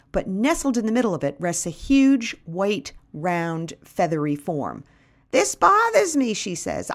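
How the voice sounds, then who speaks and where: Lively woman telling comic stories. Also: lowish voice. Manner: wry, dramatic storytelling. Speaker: podcast host and storyteller. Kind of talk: comic first-person storytelling.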